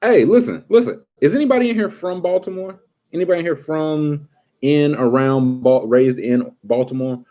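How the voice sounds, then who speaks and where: A man casually chatting with his livestream viewers, joking around and breaking into quick impressions. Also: on the high side, warm tone, soft background music.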